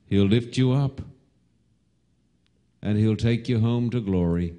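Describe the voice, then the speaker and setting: Slow, dramatic male preacher. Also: fairly low pitch, dark tone. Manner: slow dramatic storytelling, rising to cries in quoted calls. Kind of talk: sermon.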